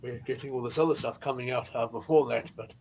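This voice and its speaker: A man chatting as a guest on a live stream, hesitant and pausing often as he talks. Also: medium pitch, fairly even intonation, vocal fry, background noise. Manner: hesitant, many filler pauses. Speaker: livestream guest. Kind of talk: casual chat.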